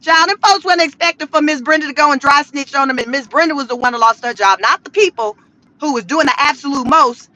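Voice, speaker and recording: A woman's voice: fairly high pitch, pushed and bright, rough recording. A woman giving casual, slangy commentary on the news, talking straight to her viewers and telling the story with animation. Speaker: commentary vlogger.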